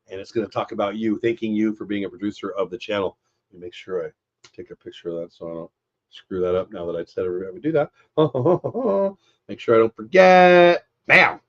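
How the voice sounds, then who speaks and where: A man's voice: on the low side, lo-fi sound. A middle-aged man with a stuffed-up voice hosting a casual live stream, chatty and upbeat, talking straight to his viewers. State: stuffy, congested. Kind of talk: casual post-game live-stream chat.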